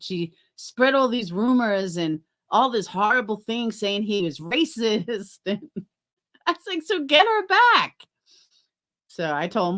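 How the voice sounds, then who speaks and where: A woman's voice: mid-range voice, fairly bright tone. A middle-aged woman chatting on a livestream, rambling and swearing as she talks to her chat by name.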